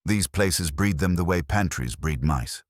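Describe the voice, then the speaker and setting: A man with a very deep, husky voice playing a calm, incisive aristocratic detective who speaks with quiet precision. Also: measured pace, dry recording, clean studio sound. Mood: measured.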